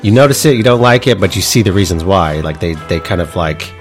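A man's voice: deep voice, animated, a little fast, soft background music. A man hosting a casual podcast chat, easygoing and agreeable, with light filler words. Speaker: podcast host.

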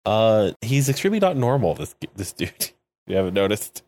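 A man's voice: on the low side, very animated, moderate pace, darkish tone. Jokey laughing male podcast co-host. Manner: jokey, laughs often, acts out characters' lines. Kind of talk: casual chat recapping a show.

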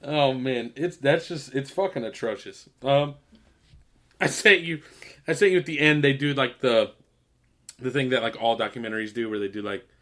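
Young male co-host, mid-pitched, bright voice, rambling casual delivery with lots of swearing. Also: moderate pace. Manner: rambling, laughs often, heavy swearing. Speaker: podcast co-host. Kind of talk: casual chat.

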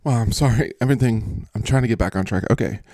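A man's voice: medium pitch, fast, warm tone, dry recording. A man hosting a casual comedy podcast, rambling and poking fun at his own bits. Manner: rambling and self-mocking. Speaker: podcast host.

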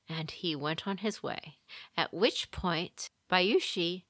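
Slow-talking woman telling a legend. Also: lowish voice, a bit bright, no room sound, clean studio sound. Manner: unhurried retelling of a legend with small restarts. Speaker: podcast co-host. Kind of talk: casual chat, storytelling.

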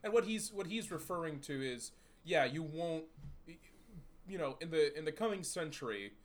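A man's voice: fairly high pitch, expressive, fairly quick, a little hiss or hum. Laughing man, casual podcast host. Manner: laughing, full of fillers, crude jokes.

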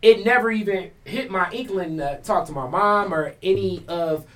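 A man in a casual group discussion, telling a personal story in a measured way. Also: high voice.

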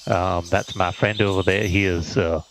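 Gravelly, halting male player. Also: deep voice, fairly even intonation, background noise. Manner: halting, full of fillers. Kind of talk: tabletop game play, speaking in character.

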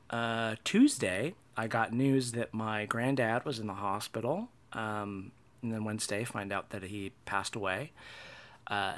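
A young man in a casual personal monologue, halting with many restarts and fillers, and a wry, dark humor. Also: fairly low pitch. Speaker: vlogger.

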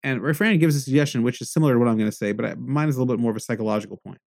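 A man giving a Torah lecture, energetic, weaving Hebrew phrases into his talk and jumping up in pitch to stress a point. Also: rapid-fire, gravelly. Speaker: Torah teacher.

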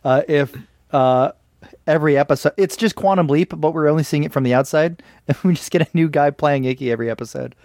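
A man's voice: fairly high pitch, darkish tone, no room sound, studio quality. A man co-hosting a casual podcast, joking and retelling scenes while acting out quoted lines. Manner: joking, acts out quotes in quick voices. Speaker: podcast co-host. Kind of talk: casual chat.

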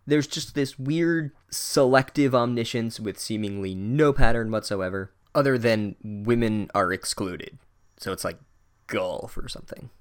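A man's voice: on the low side, a little slow. A man giving a sarcastic, profane comedic recap of a book.

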